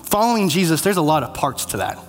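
Male preacher, conversational, earnest, high-pitched, echoing sanctuary. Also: very animated, fast talker. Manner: earnest, conversational, self-deprecating. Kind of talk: sermon. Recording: long hall reverb, faint music.

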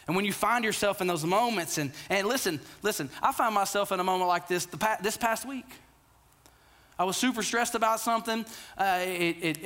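A pastor in his thirties delivers a sermon in a fairly high voice. He talks earnestly and conversationally, stumbling over repeated words, then sinks low and quiet to press a point home. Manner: drops to a quiet, low delivery on key lines.

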